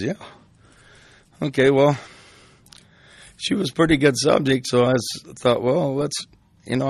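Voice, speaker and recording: A man's voice: on the low side, dry recording. An older man and hypnotist casually recounting his experiences, rambling with restarts and fillers. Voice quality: gravelly. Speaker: hypnotist telling stories. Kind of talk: casual storytelling.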